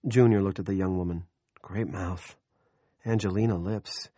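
A man's voice: deep voice, steady tone, moderate pace, warm tone, no room sound, clean studio sound. A man reading scripted audiobook narration in a wry, matter-of-fact way.

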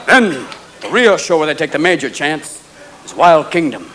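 Guy doing stand-up, high voice, swerving in and out of impressions, loud crowd laughing, live club. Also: sing-song. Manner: rapid impressions, swerving between silly voices. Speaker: stand-up comedian. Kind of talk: stand-up comedy routine. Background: audience laughing.

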